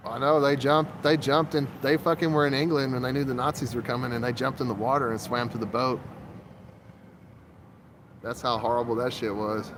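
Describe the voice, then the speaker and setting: Recorded outdoors on a phone with background noise, a man with a mid-range voice chats loosely with his livestream viewers, wandering from one topic to the next and talking to the chat.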